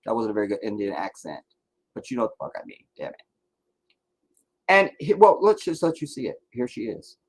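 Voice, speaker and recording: A man's voice: mid-range voice, huge pitch swings, a little fast, pauses often. A man hosting a casual livestream, ranting and rambling with heavy profanity. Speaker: livestream host.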